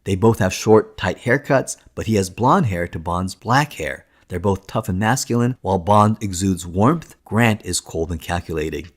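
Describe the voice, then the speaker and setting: A man narrating a film documentary in a steady, enthusiastic storytelling manner. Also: low voice, normal speed, hardly any pauses. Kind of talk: scripted narration.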